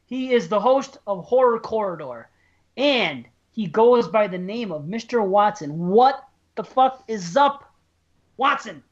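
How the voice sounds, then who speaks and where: A man co-hosting a podcast, excitable and out of breath, joking and swearing in casual chat. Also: sits high, unhurried, muffled recording. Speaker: podcast co-host.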